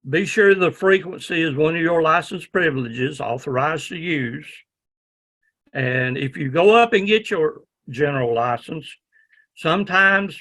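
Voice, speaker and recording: A man with a Southern drawl lectures a classroom in a loose, folksy manner, leaning on "okay?" to check that his students follow. His voice sits a little high and rings bright and forceful. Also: a little slow. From Southern United States. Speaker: ham radio class instructor.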